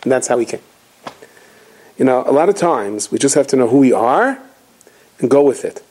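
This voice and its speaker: Animated, husky rabbi telling stories. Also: male voice, medium pitch, moderate pace, rough recording. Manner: animated storytelling with acted quotes. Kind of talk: holiday inspirational talk.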